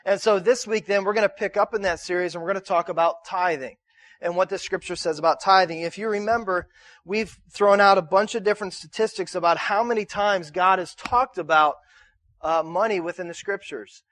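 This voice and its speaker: This pastor's voice is high and fairly bright, and he talks a little fast. His sermon feels like a conversation, with questions that call for the congregation's response and frequent repeated words whenever he restarts.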